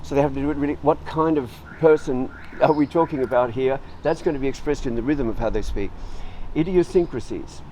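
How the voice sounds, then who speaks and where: A middle-aged man teaching a writing tutorial in a relaxed, informal way, explaining word origins and acting out short lines of example dialogue. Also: medium pitch, brisk, slight background noise, low-quality recording.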